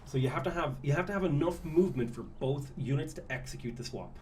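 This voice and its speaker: A man casually coaching a friend through a strategy game, giving relaxed tips with the odd curse. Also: a little high, fast talker, slight background noise. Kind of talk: casual gameplay chat.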